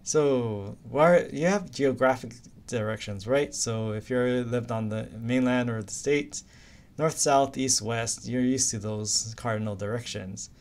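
A man's voice: medium pitch, measured pace, a little mellow. A man from Hawaii, teaching an anatomy lecture in a casual, chatty way. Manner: casual, chatty, uses silly memory stories. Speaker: anatomy instructor. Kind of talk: recorded lecture.

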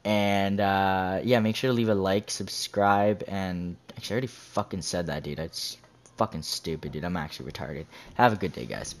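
A man's voice: sits low, normal speed. A young man telling a story casually over gameplay, slangy and full of swearing. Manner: profane, slangy, says "dude" constantly. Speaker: gaming vlogger.

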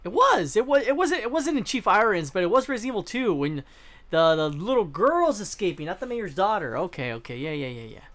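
A man's voice: high-pitched, big pitch swings, fairly quick, a bit bright. Rambling, swearing let's-play man. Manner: rambling, swears freely, trails off and restarts. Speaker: gaming channel host. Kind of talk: casual let's-play commentary.

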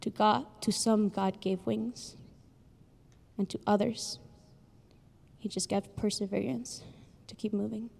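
Earnest young woman, slow and gravelly. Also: medium pitch, fairly even intonation. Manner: earnest, pausing, with soft laughs. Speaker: graduation speaker. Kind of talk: emotional graduation speech. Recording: long hall reverb.

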